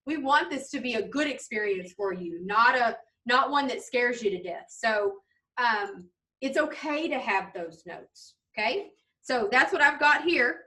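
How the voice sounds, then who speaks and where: Woman club leader, high bright voice, chatty teaching demo, distant camera mic. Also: expressive, measured pace. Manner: chatty, checks in often with "okay?". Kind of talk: casual instructional demo for kids. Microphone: video camera.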